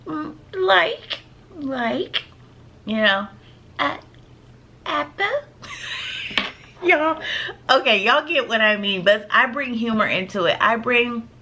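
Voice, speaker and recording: A woman teacher chats to her viewers in a casual advice vlog, talking with emphasis and tossing in "y'all" and "okay?" as she goes. Her voice is bright and ringing, with a middle pitch for a woman.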